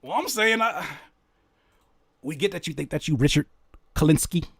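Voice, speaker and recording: A man hosting a reaction video, commenting in a casual, mocking way and getting loud when worked up. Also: a little high, moderate pace, creaky, breathy edge. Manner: animated, mocking, exclaims loudly when worked up.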